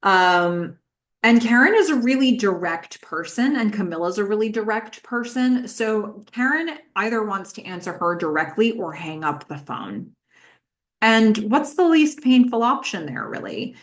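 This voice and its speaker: With a medium-pitched, sing-song voice and a slightly slow pace, a woman hosts a podcast. She recaps a TV episode chattily, using lots of fillers and putting questions to her audience.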